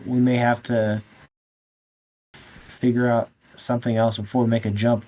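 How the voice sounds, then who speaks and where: Brief: man, mellow tone, matter-of-fact tabletop player. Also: mid-range voice. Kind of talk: casual tabletop chat.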